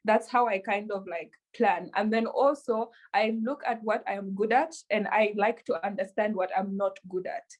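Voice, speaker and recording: A woman being interviewed about running her businesses, answering in an earnest, measured way with frequent fillers. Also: medium pitch, steady tone. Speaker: interview guest, entrepreneur.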